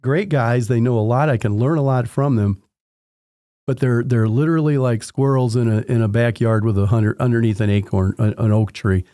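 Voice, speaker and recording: Speaking at a normal speed in a medium pitch, a man shares anecdotes from his job as a home inspector and plays out the dialogue with animation. The audio is studio quality with no room sound.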